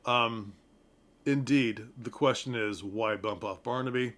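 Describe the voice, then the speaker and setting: A man's voice: fairly low pitch, moderate pace. A man reviewing a stage play to camera in a casual, chatty way, with frequent ums and asides to his viewers.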